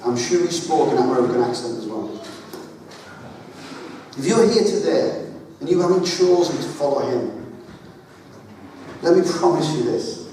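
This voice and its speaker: A man's voice: fairly high pitch, lively intonation, normal speed, long pauses, warm tone, a little hiss or hum. A man preaching a chatty, emphatic sermon full of jokes, in a large church hall. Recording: echoey hall, voice from far off.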